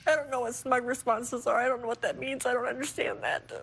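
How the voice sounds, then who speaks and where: A woman's voice: a little high, steady tone, fast talker, creaky, fairly bright tone, slightly rough. A woman guest on a talk show who speaks in an aggrieved, exasperated way about her husband. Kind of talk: emotional confrontation.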